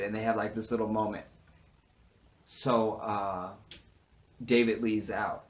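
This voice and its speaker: A man with a lowish voice recapping a TV episode in a casual, sassy way. He swears freely and jumps from hushed, murmured asides to loud outbursts. He acts out the characters' lines as he goes. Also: flat delivery, takes it slowly, pauses often. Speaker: TV show reviewer. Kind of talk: casual, animated recap with quoted dialogue.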